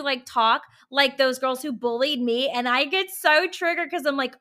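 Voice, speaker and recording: A woman's voice: high-pitched, normal speed, hardly any pauses, bright, forceful tone. A woman hosting a podcast, chatting candidly and frankly, with lots of "like" fillers. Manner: candid, frank, heavy use of "like". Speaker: podcast host. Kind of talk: casual interview chat.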